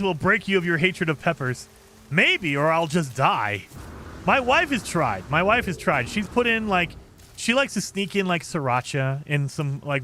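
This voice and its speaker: A man chats casually on a game stream and answers viewer comments as he goes. His voice sits fairly high and swings a lot in pitch. A faint background hum runs under him. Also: sharp tone. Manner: chatty, reacts to viewer comments, frequent fillers. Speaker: gaming streamer. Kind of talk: casual chat with live chat.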